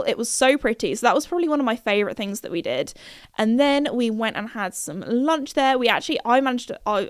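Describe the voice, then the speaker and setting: A woman's voice: fairly high pitch, clean tone, no room sound, studio quality. A young British woman hosting her podcast, chatting casually and giggling, with plenty of fillers and restarts. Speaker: podcast host. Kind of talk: casual chat.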